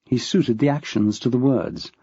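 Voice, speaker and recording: Man, audiobook narrator, measured reading, husky edge, dry dull sound. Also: medium pitch, dark tone, no echo. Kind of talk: scripted narration.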